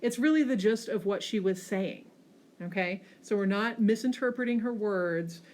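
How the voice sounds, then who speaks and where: A woman teacher giving a classroom lecture over slides, often checking in with a quick "okay?" and pushing hard on key words. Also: medium pitch. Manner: frequent checking "okay?" tags, lively emphasis.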